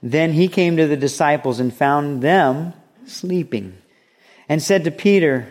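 A man's voice: fairly high pitch, measured pace, darkish tone. A man preaching a sermon as a pastor, earnest and conversational, with touches of humor.

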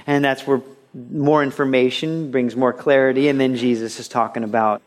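A man preaching a radio sermon, earnest and conversational, dropping low and soft, then rising into lively storytelling. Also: normal speed. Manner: earnest and conversational, with repeated restarts; swings between a quiet, intimate tone and lively, raised storytelling. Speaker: pastor.

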